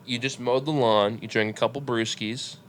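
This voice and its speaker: A man's voice: mid-range voice, fairly even intonation, normal speed, fairly bright tone, slight background noise. Rambling young man co-hosting a podcast. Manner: loose, rambling, swears casually. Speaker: podcast co-host. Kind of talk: casual chat.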